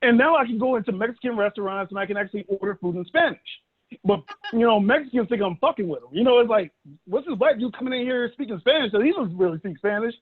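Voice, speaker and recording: A man in his thirties from Dallas, Texas, performing a stand-up comedy set, telling animated stories with acted-out quotes into a phone held by his son. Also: high-pitched, quick pace. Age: 30s. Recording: thin phone-like audio.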